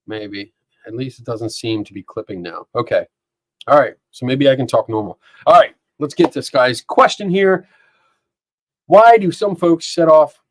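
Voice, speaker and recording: A man's voice: medium pitch, no room sound. A man hosting a live stream from a home studio, chatting casually and reading comments aloud, often laughing and rambling. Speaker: podcast host. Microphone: dynamic microphone.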